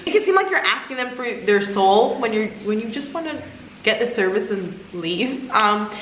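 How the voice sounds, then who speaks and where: A young woman talking in a casual vlog, animated and exasperated, with laughing asides. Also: on the high side, slight background noise. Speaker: vlogger. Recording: echoey room.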